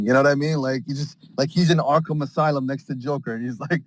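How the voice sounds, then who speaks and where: A man in casual group chat on an audio call, rambling excitedly with lots of slang and acting out scenes. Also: mid-range voice, fast talker, hardly any pauses. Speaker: space call participant.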